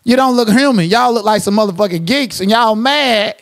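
A man with a high voice runs a livestream commentary rant, talking a little fast. As channel host he trash-talks, curses and gets confrontational, sometimes drifting into sing-song asides.

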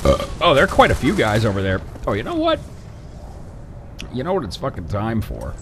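A young man giving casual, sarcastic commentary over his own shooter gameplay, swearing and breaking into excited outbursts. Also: medium pitch, normal speed, noisy background.

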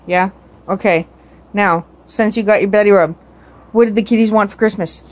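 A woman's voice: mid-range voice, fairly even intonation, normal speed. A woman at home filming her cat on a phone, talking baby talk in coaxing, sing-song questions. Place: home indoors. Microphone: phone camera.

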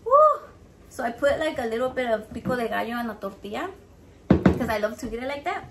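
Over heavy background noise, a home cook vlogger of Mexican heritage chats casually while she cooks, talking fast in a fairly high voice. She's animated and profane, cursing freely and slipping Spanish words into her English.

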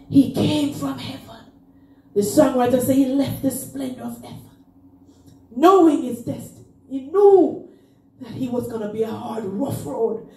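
A woman pastor with a high but dark-toned voice chants and cries out in rising sung phrases during a fervent Pentecostal sermon. She is heard from far off in the roomy acoustics of a church.

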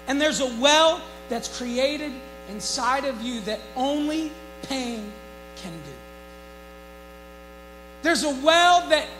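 A male pastor preaching a sermon, swinging between hushed reflection and shouted emphasis. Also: very high-pitched, low-quality recording. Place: church.

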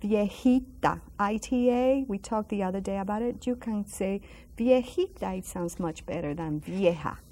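A woman's voice: medium pitch, warm tone, slight background noise. A woman teaching a lesson on a school broadcast, drilling words with patient, encouraging repetition. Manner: slow, patient drilling with sung-out repeated words; encouraging, praises the viewers. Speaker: Spanish teacher. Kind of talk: classroom language lesson.

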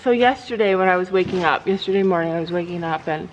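A woman vlogger and horse owner talking casually to the camera. She rambles through her stories with many restarts and switches to a high sing-song voice when she speaks to her animals. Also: fast talker, lo-fi sound, a little hiss or hum. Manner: rambling storytelling with frequent restarts. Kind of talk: casual chatty vlog.

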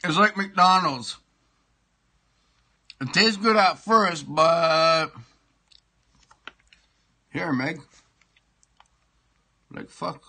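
A man's voice: a little high, drawn-out words, pauses often, pushed and bright. A middle-aged man, hosting a comic sports show and ranting with lots of swearing while he eats. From Toronto, Canada. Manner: profane, ranting, repeats himself; talks while eating pie. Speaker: show host.

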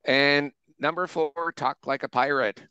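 A man's voice: on the high side, fairly even intonation, a little slow, bright, forceful tone, smooth, no echo, dull audio. An older man running through the answers of his trivia round in a casual, wry and punning way. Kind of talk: casual quiz answer run-through with puns.

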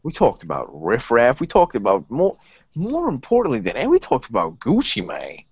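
A man's voice: mid-range voice, huge pitch swings, moderate pace, husky, no room sound. A man hosting a podcast in casual, rambling chat. He swears freely and restarts his sentences. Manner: rambling and profane, with repeated restarts. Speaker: podcast host. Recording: dull lo-fi podcast audio.

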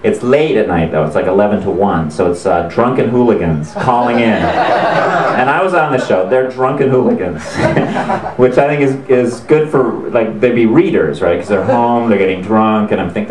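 A man's voice: lowish voice, expressive, moderate pace, a little mellow, a little hiss or hum. A man, an author, telling an anecdote to a live audience in a chatty, amused way, laughing as he goes. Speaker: author promoting his book. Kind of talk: storytelling talk to a live audience. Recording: roomy hall sound.

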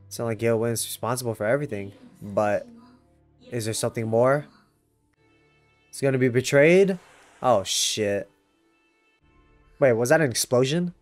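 A young man hosting a casual anime reaction, slangy and swearing, with sudden excited yelps. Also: medium pitch, moderate pace, pauses often, soft background music.

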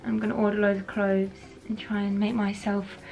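A woman's voice: medium pitch, monotone, brisk, a little mellow, soft background music. A young woman, chatting frankly to camera in a casual vlog. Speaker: beauty vlogger.

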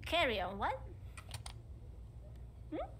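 Playful high-voiced woman streamer. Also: slow, crowd noise. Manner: playful, cheeky, giggly and excitable. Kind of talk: casual live-stream chat with viewers. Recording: loud background noise.

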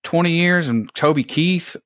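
A man's voice: a little high, measured pace, a bit bright, no echo. A man, a comedian co-hosting a podcast who drops dry, sardonic quips in casual chat.

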